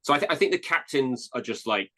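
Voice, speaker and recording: A man guesting on a podcast, casually giving quick, opinionated explanations as a reviewer. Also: mid-range voice, lively intonation, bright, forceful tone. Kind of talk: casual chat.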